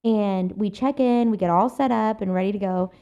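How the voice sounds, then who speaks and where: A woman co-hosting a casual faith chat show, telling stories in a chatty, animated way with lots of fillers. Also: mid-range voice, normal speed, dull audio. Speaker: podcast co-host.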